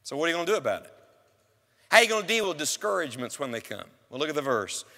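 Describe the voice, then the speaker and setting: Emphatic preacher in a reverberant church. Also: male voice, a little high, very animated, racing, sharp tone. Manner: emphatic, asks the congregation questions directly. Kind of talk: sermon. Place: church sanctuary.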